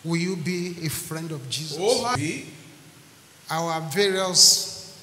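A man's voice: on the high side, slow, noisy background. A man preaching a sermon as pastor, acting out dialogue and breaking into song. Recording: echoey hall with music behind.

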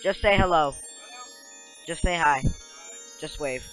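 A man's voice: on the high side, slow, fairly bright tone, faint music behind. A young man casually commenting on a game he is playing, rambling, giggling and talking to the characters on screen, recorded on a cheap new microphone. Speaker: let's play gamer.

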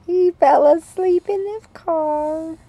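A woman's voice: extremely high pitch, very slow, warm tone. A mother talking to her small children over lunch in a coaxing, sing-song way.

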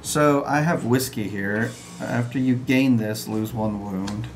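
A man's voice: medium pitch, slow pace. Chatty man explaining game rules over music. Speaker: board game streamer. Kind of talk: casual live-stream rules explanation. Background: upbeat background music.

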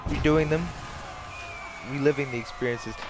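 A man's voice: medium pitch, normal speed, noisy background. A young man commenting casually over his racing game, rambling and joking at his own expense. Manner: rambling, self-mocking, laughs often. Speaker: gaming streamer. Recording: game music playing behind.

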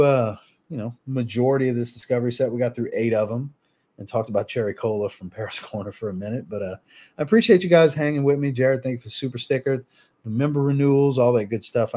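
A man hosting a casual livestream, reading viewer comments aloud and answering them in a relaxed way. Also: medium pitch, fast. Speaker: fragrance livestream host.

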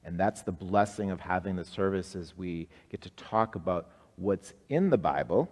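Low-voiced man leading a simple service. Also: lively intonation, normal speed. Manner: simple, encouraging, leads call-and-response prayer. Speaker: pastor. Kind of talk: simplified worship service for people with special needs. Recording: live-streamed service with long reverb.

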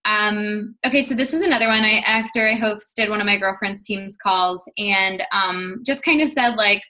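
Young woman, fitness coach, casual team call, chatty, upbeat, bright tone. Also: medium pitch, moderate pace, few pauses. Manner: chatty, upbeat, lots of fillers.

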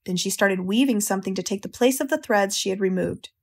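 An American woman narrating an audiobook in a calm, measured, gentle storytelling manner. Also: mid-range voice, husky.

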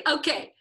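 A woman teaching a lesson, telling a story in an animated way and acting out the people in it. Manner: animated storyteller who acts out the people she quotes. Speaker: Bible and Hebrew teacher. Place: teaching a class with a screen.

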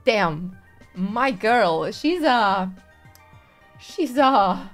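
A woman's voice: fairly high pitch, lively intonation, drawn-out words, long pauses, faint music behind. A young woman streaming a visual novel, laughing often and reading lines aloud in a playful, casual way. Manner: giggly, frequent laughter, playful. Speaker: VTuber streamer. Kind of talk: casual game commentary, reading dialogue aloud.

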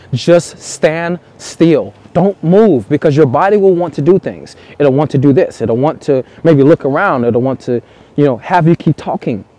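A man's voice: fairly high pitch, mellow. A man from the United States giving earnest, repetitive dating-coach advice in a vlog monologue, with casual swearing, recorded outdoors in the cold.

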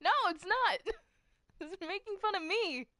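A nervous young female cartoon angel, played by a woman, talks in a high, lively voice that swoops up whenever she gets flustered. She stammers and trips over her words, with a gravelly edge and an unhurried pace. The sound is dry and close. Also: dry recording, heavily acted. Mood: pleading. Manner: flustered, stuttering, apologetic. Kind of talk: fan voice roleplay.

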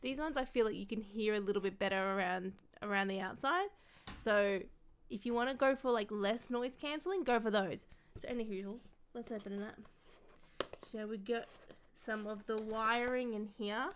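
Speaking at a moderate pace in a mid-range voice, this young streamer and content creator is unboxing gear for her vlog. She's gushy and sweary, chatting casually and wandering off into asides.

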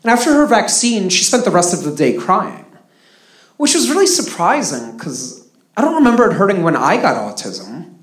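A man's voice: high-pitched, big pitch swings, moderate pace. A man from Russia performing live stand-up comedy with a dry, sarcastic delivery. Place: stage in a live comedy venue. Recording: roomy live venue with audience noise.

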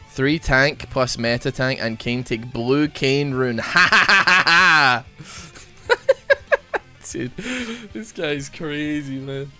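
Here a young male streamer offers loose, joking commentary on his gameplay, wandering off topic and mocking himself. His voice sits in the mid range with a slightly bright quality.

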